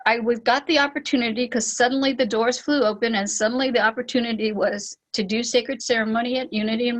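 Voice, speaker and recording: A woman leading a spiritual online gathering, telling a story with lively acted-out quotes and laughs. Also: fairly high pitch, rough recording. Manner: animated, acts out quoted voices with laughs. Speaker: spiritual teacher and ceremony leader. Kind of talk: storytelling talk on an online call.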